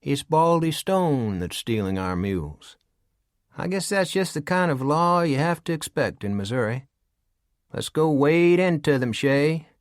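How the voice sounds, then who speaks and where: A man's voice: fairly high pitch, animated, unhurried, dry recording, studio quality, pitched above the performer's own voice. A man voicing a folksy, unflappable older frontier uncle with a rural drawl, in an audiobook. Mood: calm.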